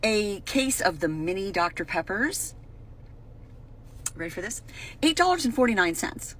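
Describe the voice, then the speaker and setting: A woman from the United States telling a story in an animated, incredulous vlog. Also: mid-range voice, normal speed, rough recording.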